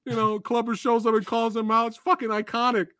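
A man hosting a podcast, excitedly chatting about films, swearing often and acting out favorite movie lines. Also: extremely high pitch, brisk, dry recording, clean studio sound. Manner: excitable, profane, acts out movie quotes. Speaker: podcast host. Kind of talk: casual movie chat.

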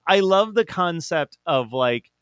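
A man's voice: on the high side, expressive, takes it slowly, a crowd in the background. A young man co-hosting a podcast in casual chat, talking loosely with lots of fillers and frequent laughs. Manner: chatty, laughs often, many fillers. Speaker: podcast co-host.

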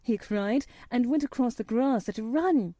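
A woman reading aloud, voicing a cheerful, simple country boy with a who sings a hymn high and slow. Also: dark tone, dry recording, studio quality, lightly acted. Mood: excited.

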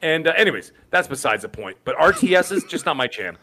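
A middle-aged man in casual podcast chat with a bright, forward tone and a slightly higher pitch than most men. He talks emphatically and gets worked up easily, tripping over and repeating his words as he goes. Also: sing-song, fast talker. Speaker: podcast co-host.

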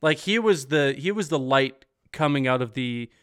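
A man's voice: medium pitch, lively intonation, moderate pace, clear, resonant tone. A man hosting a casual post-game hockey stream, reading viewer comments in an upbeat, chatty way. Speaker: podcast host.

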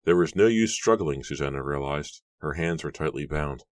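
Very deep-voiced man reading a novel. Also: expressive, normal speed, dry recording. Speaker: audiobook narrator. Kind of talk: dramatic audiobook reading.

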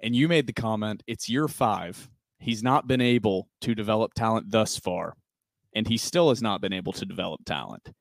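A man's voice: fairly low pitch, normal speed, gravelly, dry recording, studio quality. Methodical young man arguing his point. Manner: methodical, lays out timelines and arguments point by point. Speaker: podcast co-host. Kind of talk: casual chat.

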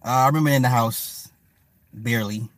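Fairly quick and a bit bright, a man with a mid-range voice runs a livestream full of loose, profane riffing. He answers viewers and chat by name in casual commentary, and there's no echo.

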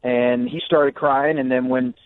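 A man, a coach and radio guest, answering at length over the phone in an earnest, halting way with many fillers and restarts. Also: medium pitch, steady tone, slight background noise. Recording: tinny phone line on a radio broadcast.

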